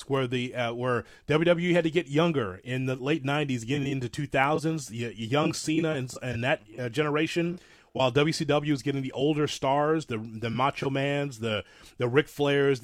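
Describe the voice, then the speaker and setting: Casting: male podcast co-host, mid-pitched, animated rambling delivery, dry close mic. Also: no echo. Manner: animated, rambling, self-described old-school fan. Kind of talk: casual wrestling talk.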